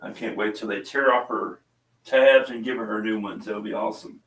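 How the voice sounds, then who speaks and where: A man's voice: lowish voice, steady tone, moderate pace, a bit bright, recorded from a distance. A middle-aged man hosting a casual chat, rambling and telling stories with lots of ums and uhs. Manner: rambling, chatty storytelling with many fillers. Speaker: podcast host and small coffee seller. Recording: roomy echo, voice away from the mic.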